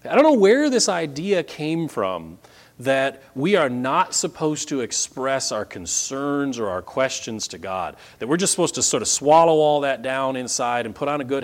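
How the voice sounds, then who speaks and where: A man preaching a sermon in a conversational, energetic way to a congregation. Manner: lively, conversational preaching with wide pitch swings.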